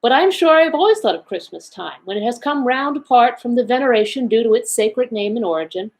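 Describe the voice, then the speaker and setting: A woman voicing a cheerful young man who speaks warmly and earnestly to his uncle in a storybook reading. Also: a little high, lively intonation, fast talker. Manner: cheerful, pleading.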